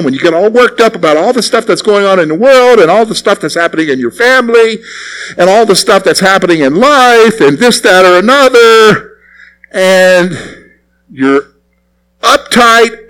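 A man's voice: sits high, fairly bright tone, low-quality recording. A male pastor preaching a conversational sermon, often asking the congregation questions.

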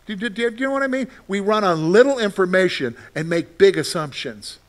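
A man preaching a sermon, swinging between loud, animated outbursts and soft, quiet lines. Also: high voice, brisk. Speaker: pastor.

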